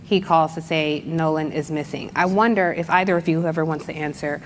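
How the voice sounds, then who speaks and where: A woman interviewer laying out a timeline and asking measured questions. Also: deep voice, fairly even intonation, in a large hall, slight background noise.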